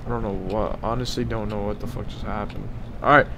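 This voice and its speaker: A man's voice: fairly low pitch, steady tone, a little fast, background noise. A young man streaming a horror game, swearing a lot and calling everyone bro, yelping when scared and then muttering. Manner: jumpy, profane, says "bro" constantly. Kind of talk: live horror gameplay commentary.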